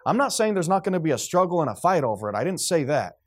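A man's voice: on the high side, big pitch swings, fast talker, few pauses, husky. A man preaching a sermon, building up with rhetorical questions and acted-out quotes. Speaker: pastor.

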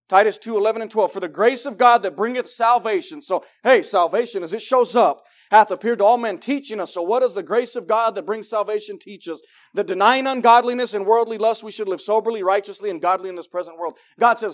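High-voiced preacher with big swings. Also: male voice, fairly quick. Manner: swings between loud excited preaching and hushed intensity; acts out voices of God and believers. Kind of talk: sermon.

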